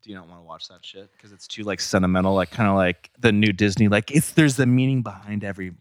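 A man's voice: lowish voice, steady tone, fast, no echo, clean studio sound. A young man co-hosting a podcast, chatting casually in a rambling, jokey, profane way. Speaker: podcast co-host. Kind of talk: casual chat.

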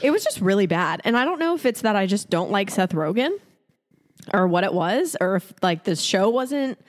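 A woman co-hosting a casual podcast, her voice sitting at an ordinary middle pitch. She talks in a chatty, opinionated way, piling up fillers as she reviews things. It is easygoing, everyday chat. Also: sing-song, normal speed, in a large hall. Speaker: podcast co-host.

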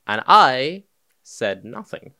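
A man's voice: mid-range voice, sing-song, slow, pushed and bright, no echo, studio quality. A young man co-hosting a podcast, chatting casually and telling anecdotes while acting out the voices of people in them. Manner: storytelling, acts out voices of people in his stories. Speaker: podcast co-host. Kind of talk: casual chat.

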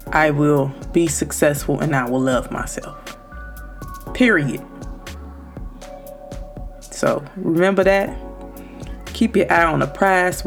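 Loud, emphatic woman podcaster, low voice. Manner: loud, emphatic and direct, speaking straight to listeners. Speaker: podcast host. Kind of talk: motivational podcast talk.

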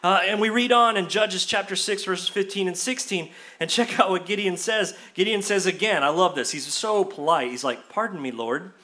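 A male pastor preaching a sermon in a church, animated, acting out quoted excuses in a raised voice. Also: high-pitched, normal speed, few pauses. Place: church sanctuary.

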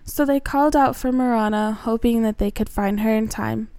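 A woman's voice: a little high, moderate pace, dark tone, clear, resonant tone, no echo. Woman reading a children's story.

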